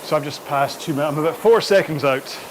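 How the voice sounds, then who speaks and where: A man's voice: on the high side, fast talker, background noise. A man hosting a live rowing workout, chatty and out of breath between sprints, on a throat-worn microphone in his home studio. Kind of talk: live follow-along workout chat.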